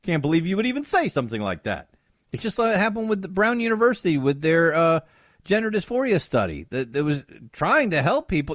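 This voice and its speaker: Animated sarcastic male talk radio host. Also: on the high side, a little fast, dry recording, clean studio sound. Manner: sarcastic, mocks opponents in put-on voices. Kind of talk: conservative talk radio commentary.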